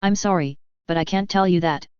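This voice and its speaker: A woman voicing an earnest young man from modern times, speaking in a measured, pleading way as she reads a fantasy story aloud. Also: on the low side, a little mellow, clean tone, no room sound, close to an everyday voice. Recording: slightly dull lo-fi dry.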